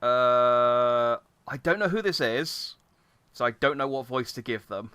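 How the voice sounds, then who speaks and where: A man's voice: medium pitch, unhurried, bright, forceful tone, smooth, no room sound, soft background music. A man giving casual, jokey let's-play commentary, rambling with many fillers. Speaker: game streamer.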